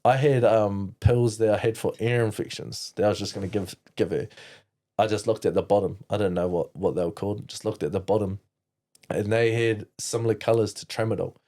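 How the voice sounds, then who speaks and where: A New Zealand man speaks as a podcast guest, recounting his past in a loose, candid way. His voice sits fairly low and sounds warm and mellow. He rambles, restarts his sentences and swears freely. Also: fairly even intonation, brisk. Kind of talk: candid personal storytelling.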